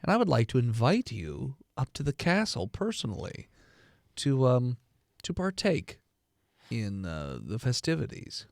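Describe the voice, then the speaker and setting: A man playing a tall, wide-mouthed male cult priest who greets visitors with slow, unsettling warmth. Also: medium pitch, huge pitch swings, creaky, dry recording, studio quality, exaggerated voice. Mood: sinister welcome.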